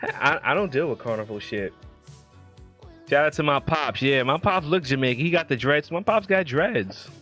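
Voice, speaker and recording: A man's voice: on the high side, lively intonation, moderate pace, fairly bright tone, faint music behind. A man hosting a casual late-night livestream, talking in a laid-back, slangy way and laughing often. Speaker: livestream host.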